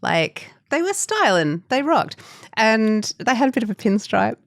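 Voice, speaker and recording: A woman's voice: fairly high pitch, big pitch swings, measured pace, gravelly, dry recording, studio quality. A woman co-hosting a podcast, chatting casually and telling stories about herself in a playful, self-mocking way. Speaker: podcast co-host. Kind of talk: casual chat.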